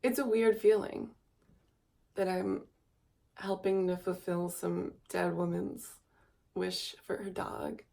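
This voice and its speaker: A woman's voice: level tone, slow, vocal fry, pauses often, a little mellow. A young woman in her twenties, tired, talking in a rambling, wistful confessional vlog to a camera mic. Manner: rambling and wistful, coos in a high baby voice. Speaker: vlogger.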